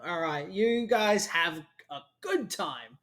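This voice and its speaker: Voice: medium pitch, lively intonation, takes it slowly, a bit bright, slight background noise. A game master voicing a cheerful, offhand mysterious man in a tabletop game. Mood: breezy. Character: breezy mysterious man who vanishes through a wall. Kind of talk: tabletop role-play.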